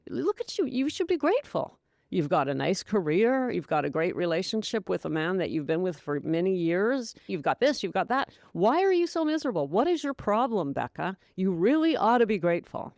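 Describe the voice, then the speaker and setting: A woman's voice: mid-range voice, sing-song, brisk, darkish tone, no echo, studio quality. A woman voicing her own harsh inner critic, a female voice berating and belittling her. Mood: scolding. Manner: berating, contemptuous.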